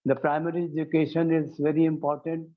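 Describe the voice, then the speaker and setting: Halting man, tinny sound. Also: a little high, flat delivery, noisy background. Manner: halting, repeats "you see" often, self-corrects. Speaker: conference speaker. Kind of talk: formal conference speech.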